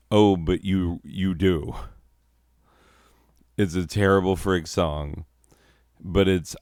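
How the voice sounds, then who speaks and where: A man's voice: low-pitched, steady tone, takes it slowly, pauses often, a little mellow, clear, resonant tone, no room sound, clean studio sound. A man hosting a gaming video, rambling sarcastically and laughing as he plays. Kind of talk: casual commentary while playing.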